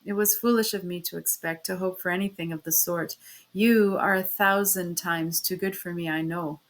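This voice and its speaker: A woman reading a story aloud, voicing an earnest poor young man who speaks soberly and low. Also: fairly even intonation, normal speed, close to an everyday voice. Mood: sad.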